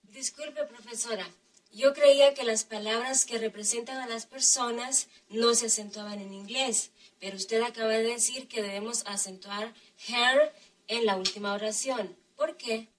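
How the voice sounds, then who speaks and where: A woman student speaks up softly and politely in class, her voice a little high and heard from some distance away. She sounds hesitant as she puts her question. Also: normal speed. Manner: polite, soft-spoken, hesitant.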